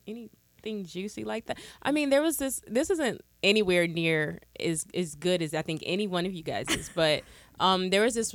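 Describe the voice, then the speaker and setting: A woman guest on a casual podcast, telling a story hesitantly with many pauses and fillers. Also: lowish voice, a bit bright, no room sound. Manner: hesitant, lots of um and laughs.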